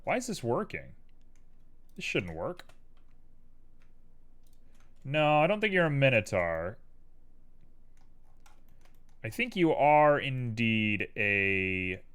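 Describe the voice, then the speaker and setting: A man's voice: medium pitch, a bit bright, clear, resonant tone. A man casually chatting on a live stream while he works, playful and talking to himself and his chat. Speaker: livestreamer and 3D artist.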